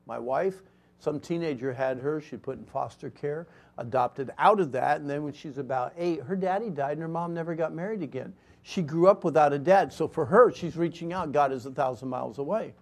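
A man preaching a sermon and telling his own story earnestly, moving between loud emphasis and hushed lines. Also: on the high side, brisk, vocal fry. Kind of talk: sermon with personal testimony.

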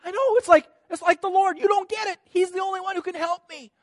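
Desperate blind beggar man, played by a male preacher, pleading at a high shout, dry close sound. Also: steady tone, quick pace, dry recording. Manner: pleading, shouting over a crowd.

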